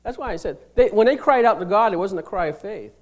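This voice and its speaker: A high-pitched male preacher works through a scripture passage, reading the old verses slowly and then explaining them in plain words. He swings from loud, emphatic lines down to hushed near-whispers. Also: lively intonation. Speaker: pastor. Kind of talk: sermon.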